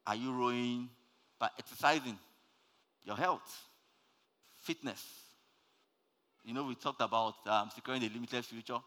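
A man preaching a sermon with energy, swinging from loud, rising calls down to soft, low words. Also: normal speed, long pauses, in a large hall.

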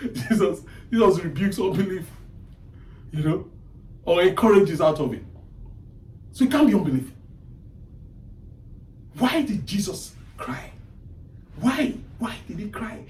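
A man preaching a sermon, emphatic, repeating his phrases and pausing for weight. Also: sits high, darkish tone, roomy sound, recorded from a distance, low-quality recording. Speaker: pastor.

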